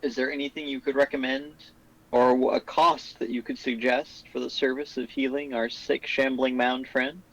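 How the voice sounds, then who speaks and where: A man's voice: medium pitch, little pitch movement, normal speed, rough recording. A man playing a tabletop game, speaking in polite, in-character requests. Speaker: player. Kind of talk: tabletop role-play.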